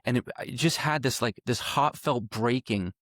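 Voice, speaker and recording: A man speaks at a middle pitch, earnest and emphatic, stacking repeated phrases and dropping the odd curse as he tells his story. He is a guest on a podcast. The sound is dry and close, with no room around it. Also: normal speed, a bit bright, no room sound. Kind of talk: personal storytelling.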